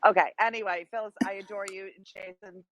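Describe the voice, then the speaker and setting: A woman calling into a live podcast from a hair salon, excitable and gushing, swearing casually. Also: medium pitch, fast talker, lo-fi sound. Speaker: audience caller.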